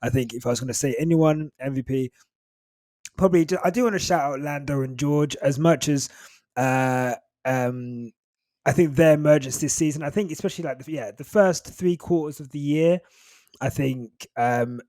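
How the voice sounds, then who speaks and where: A man's voice: on the high side, normal speed, a little mellow, no echo, clean studio sound. A man hosting a podcast in a casual chat, rambling with lots of fillers and getting emotional. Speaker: podcast host.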